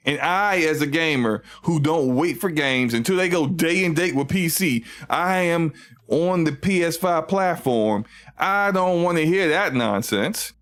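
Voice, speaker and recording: A man hosting a casual gaming livestream, ranting in an animated, mocking way and reading out chat comments. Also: a little high, a little slow. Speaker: livestream host.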